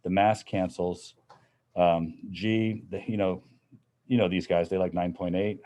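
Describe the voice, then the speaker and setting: A middle-aged man with a fairly low voice lectures a class in a classroom. He explains problems in a relaxed, conversational way, with plenty of fillers. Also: a little slow. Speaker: physics teacher.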